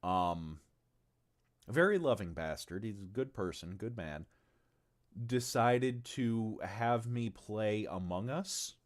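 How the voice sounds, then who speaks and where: A man with a very deep, low-pitched voice talks casually on a livestream about his tabletop game. He rambles, swears freely and trips over his words as he answers chat. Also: expressive, takes it slowly. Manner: rambling and profane, with stumbles and asides to chat. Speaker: game designer presenting his tabletop game on stream.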